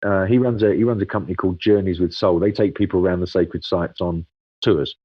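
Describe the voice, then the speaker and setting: A man with a lowish voice walks through his explanation steadily, filling pauses with ums. The sound is dry and slightly dull, like a lo-fi remote interview recording. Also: steady tone, breathy edge, dry recording. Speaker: guest expert. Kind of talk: casual interview.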